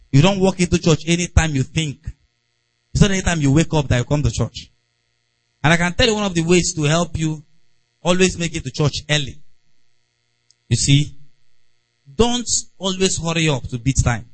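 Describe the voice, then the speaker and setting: A man's voice: fairly high pitch, no echo, low-quality recording. A man preaching a conversational sermon and acting out little everyday scenes. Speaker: pastor.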